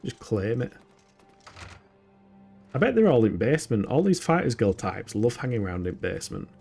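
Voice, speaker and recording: While streaming a game, a British man with a northern English accent offers relaxed, chatty commentary, frequently laughing at himself. His mid-range voice is very animated, creaky, warm and a bit breathy, at a moderate pace, with soft background music.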